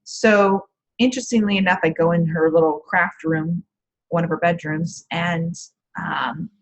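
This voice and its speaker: A woman's voice: lowish voice, steady tone, a little slow, dull audio. A woman coach giving casual, rambling advice on a group call from her home office, with frequent "um" fillers. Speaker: empath coach.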